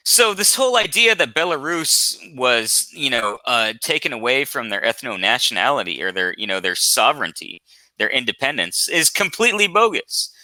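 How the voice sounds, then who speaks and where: Male host, mocking debater, very bright sharp voice, dry close sound. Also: mid-range voice, big pitch swings, moderate pace, dry recording. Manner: mocking, profane, talks over others. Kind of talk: heated online argument.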